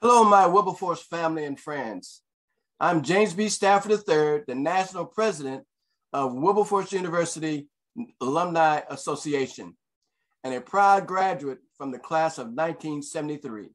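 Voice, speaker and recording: An older man, an alumni association president, giving a proud, warm formal welcome. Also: fairly high pitch, normal speed.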